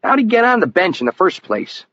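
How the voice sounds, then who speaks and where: A man voicing a blunt male investigator in an audiobook, outspoken and quick to outrage, his voice jumping up when indignant. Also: high voice, very animated, fairly bright tone, voice pushed up. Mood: incredulous. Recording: muffled lo-fi audio with faint hiss.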